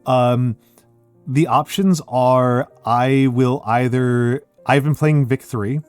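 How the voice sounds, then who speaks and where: A young man streaming, chatting casually with his viewers and thinking out loud, his voice scratchy because he is under the weather. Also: medium pitch, steady tone, slow pace, smooth, no echo, soft background music. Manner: rambling, thinking out loud with fillers.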